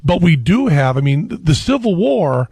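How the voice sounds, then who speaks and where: A middle-aged man with a gravelly, husky voice, sitting in as a radio guest and spinning long, animated stories. His voice sits a little high for a man, and the studio sound is dry and close. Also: moderate pace, dry recording. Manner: rambling, animated storyteller. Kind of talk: talk radio conversation.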